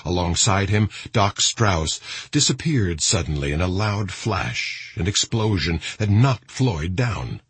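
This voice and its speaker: A man reads an audiobook in a very low, deeply husky voice. His delivery is dramatic, and his pitch rises and falls a great deal. The sound is close and dry. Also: big pitch swings, takes it slowly, no room sound. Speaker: audiobook narrator. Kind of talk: scripted narration.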